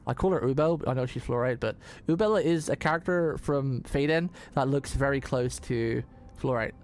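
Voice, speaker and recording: A man's voice: medium pitch, moderate pace. A man streaming a game, chatting casually and rambling, repeating words and restarting his sentences often. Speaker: vtuber streamer. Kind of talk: casual live-stream commentary.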